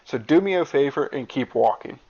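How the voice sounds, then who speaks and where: A man's voice: medium pitch, animated, brisk, darkish tone, husky. A man voicing a confident female wrestling champion who brushes off a rival. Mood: dismissive. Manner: dismissive. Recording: dull lo-fi recording.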